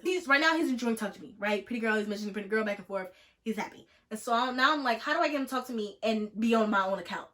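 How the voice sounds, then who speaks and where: A woman in her twenties telling a story in a casual vlog, jokey and animated, acting out a text exchange. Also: mid-range voice. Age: 20s. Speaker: vlogger.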